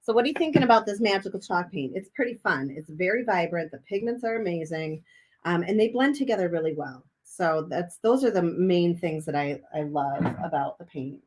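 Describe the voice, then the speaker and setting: A woman art instructor gives a casual, upbeat art journaling demonstration, chatting as she works in a cold room above a garage while chewing a cough drop. Her lowish voice is animated and a little mellow, and she talks fairly quickly.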